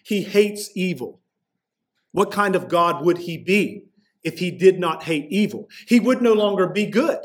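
A man pastor preaching a sermon in a conversational way, slowing down to stress key lines. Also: sits high, animated. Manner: conversational preaching, slows for emphasis.

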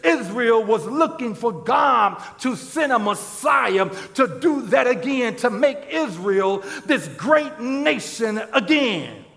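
A pastor preaching a sermon, with constant "uh, uh" restarts and bursts of shouted emphasis. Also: male voice, extremely high pitch, lively intonation, takes it slowly, creaky, few pauses, soft background music. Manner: stammering restarts, strings of "uh, uh, uh". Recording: long hall reverb.

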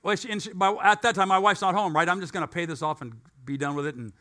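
A man's voice: high voice, fast. A man preaching a sermon, telling a folksy story and acting out both sides of the conversation with joking asides. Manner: animated storyteller, acts out both sides of dialogue. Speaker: pastor.

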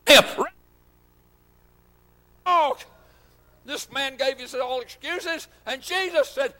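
A man preaching, his voice pitched very high. He drifts between quiet asides full of fillers and fervent shouted bursts. The sound trails off in a long hall reverb. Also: takes it slowly, long pauses. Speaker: pastor. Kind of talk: sermon.

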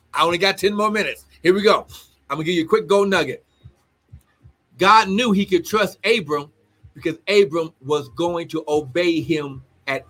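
A man delivers a livestreamed sermon in a high, ringing voice. He reads scripture, talks back to the viewers, and bursts into loud shouts and exclamations. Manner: reads scripture aloud and comments. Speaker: preacher.

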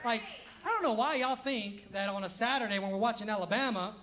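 A man's voice: high-pitched, a little fast, fairly bright tone. A man preaching a casual, humorous sermon as pastor, laughing often and acting out quoted voices.

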